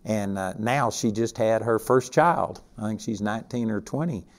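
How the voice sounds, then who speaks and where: A man's voice: on the low side, normal speed. Folksy Texan preacher, older man. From Texas. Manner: folksy, conversational, emphatic. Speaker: Bible teacher. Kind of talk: teaching sermon.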